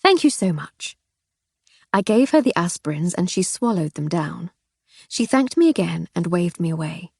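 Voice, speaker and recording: A woman reading a first-person mystery audiobook in a wry, measured way. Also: on the low side, animated, gravelly, a little mellow, breathy edge, no room sound, clean studio sound. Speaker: audiobook narrator.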